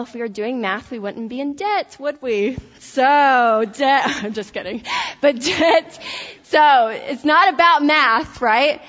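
A woman with a Tennessee accent delivers an animated motivational talk to college students in a high voice. The sound is dull and lo-fi, carrying the long echo of a large hall. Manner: energetic, animated, laughing asides. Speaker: speaker addressing college students. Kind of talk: motivational faith-based talk.

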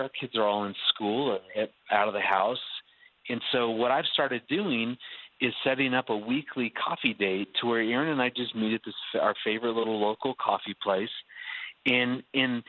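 A man talking earnestly about his marriage, often restarting his sentences. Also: medium pitch. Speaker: marriage guest. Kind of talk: casual radio talk. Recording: phone-like narrow sound.

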